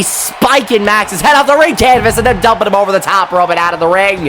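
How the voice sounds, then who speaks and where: A man giving casual, excitable wrestling commentary, chatty and quick to swear. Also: sits high, noisy background.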